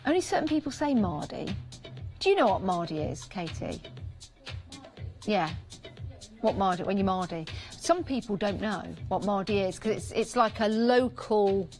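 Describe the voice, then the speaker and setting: A woman's voice: mid-range voice, expressive, normal speed, darkish tone, faint music behind. Chatty English Midlands woman selling on air. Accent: English Midlands or Northern. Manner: chatty, upbeat, repeats prices and counts for emphasis. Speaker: shopping channel presenter. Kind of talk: live TV product selling. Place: TV studio.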